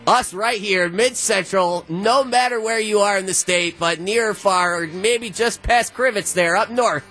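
A man, presenting a playful morning show segment with animated, jokey delivery. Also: high-pitched, measured pace, faint music behind.

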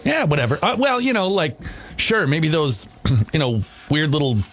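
A man's voice: on the high side, moderate pace. Rambling man hosting morning radio. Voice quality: groggy morning voice. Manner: rambling, lively, with restarts and laughs. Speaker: radio morning show host. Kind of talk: casual morning radio banter.

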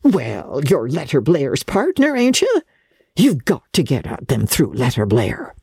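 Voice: medium pitch, wildly swooping pitch, measured pace, vocal fry, warm tone, slightly rough, no room sound, studio quality, heavily acted. A reader voicing a shrewd, domineering old grandmother in an audiobook. The voice rises above the narration and sounds coaxing and archly theatrical. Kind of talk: audiobook character voice.

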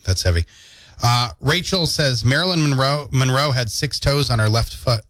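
A man's voice: mid-range voice, animated, normal speed, fairly bright tone, dry recording. A man hosting a morning radio show in a studio, joking playfully and reading out listener comments and news updates. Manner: playful, jokey, reads listener comments aloud. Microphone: studio microphone.

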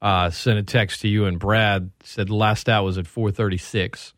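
A man's voice: fairly low pitch, fairly even intonation, moderate pace, a bit bright, dry recording, studio quality. A man co-hosting a sports talk radio show, chatting casually and setting up topics.

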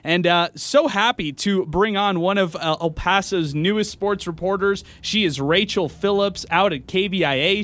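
A man's voice: high voice, a bit bright. A man hosting a casual sports talk radio show, chatty and upbeat. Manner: upbeat, chatty, friendly interviewer. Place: radio studio. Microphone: studio microphone.

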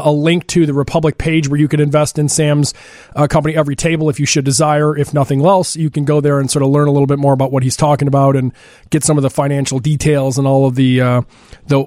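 A man's voice: on the high side, little pitch movement, quick pace, dark tone, no room sound. A man hosting a radio show, talking in a loose, joking way with plenty of fillers, into a studio microphone. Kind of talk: casual radio talk.

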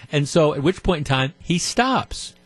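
A man's voice: on the high side, animated, measured pace, no room sound. A man hosting a call-in radio talk show, retelling a story in a conversational way. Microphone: studio microphone.

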